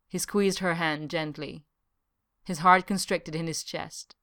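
A woman narrating a novel as an audiobook, in a measured, even way. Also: low voice. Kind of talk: scripted narration.

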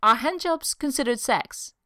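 A woman reading a brash, excitable man. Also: on the low side, moderate pace, smooth, no echo, studio quality. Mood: excited. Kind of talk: audiobook reading.

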